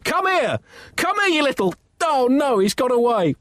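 A man voicing a pompous, exasperated old male Pope who shouts in a high, outraged voice. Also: huge pitch swings, measured pace, dry recording, studio quality, exaggerated voice.

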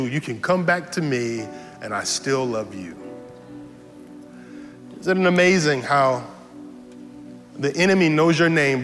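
A male pastor preaching a sermon in a church, animated and humorous, repeating key lines for effect. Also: a little high. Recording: reverberant hall with faint music.

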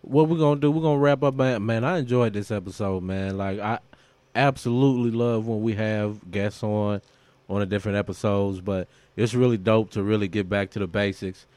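A man co-hosts a podcast in an easygoing, filler-heavy way. His voice sits a little low and sounds smooth and clear. The recording is dry and close. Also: a little fast, darkish tone, no room sound. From Kentucky, US. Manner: laid-back, loose with fillers. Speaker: podcast co-host. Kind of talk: casual podcast chat.

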